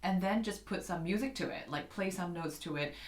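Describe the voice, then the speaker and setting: On the low side and fairly quick, this woman's voice carries a casual online keyboard lesson. She calls her viewers "guys," scats rhythms out loud, and is recorded in an echoey room with a piano.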